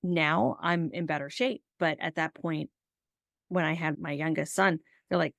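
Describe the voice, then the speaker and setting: A woman hosting a relaxed podcast conversation, her voice sitting a little low with a gravelly edge. She tells personal stories in a chatty way and acts out the old conversations. The sound is close and dry. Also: unhurried, no echo. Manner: chatty storyteller who acts out past conversations. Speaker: podcast host. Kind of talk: casual interview conversation.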